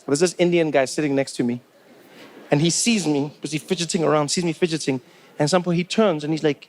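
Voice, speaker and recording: Animated man doing stand-up. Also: a little high, fast talker. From South Africa. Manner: animated, incredulous, acts out other people. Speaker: stand-up comedian. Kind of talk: stand-up comedy storytelling. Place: live comedy venue.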